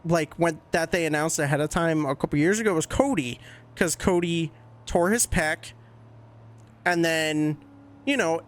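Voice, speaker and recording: A man's voice: on the high side, a little slow. A man hosting a casual wrestling podcast, giving candid fan opinions in a chatty way and swearing now and then. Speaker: podcast host.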